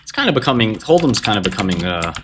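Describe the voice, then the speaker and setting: Joking low-voiced man on a stream. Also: sing-song, quick pace, very noisy. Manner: joking, offhand, swears, laughs at himself. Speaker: livestreamer analyzing stocks. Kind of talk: casual livestream chat.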